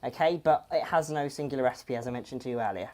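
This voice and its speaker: A woman's voice: a bass voice, quick pace, mellow. A woman hosting a home cooking demonstration, chatty and friendly, slipping in corny jokes. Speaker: cooking show host.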